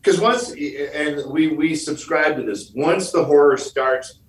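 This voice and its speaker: A man's voice: a little high, slow pace, distant mic. A man from Michigan, a podcast guest, swaps jokey stories and acts out every line he quotes. He sits a bit back from the mic in a room that echoes, with a faint hiss under him. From Michigan, USA. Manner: jokey storyteller, plays out quoted lines. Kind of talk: podcast interview.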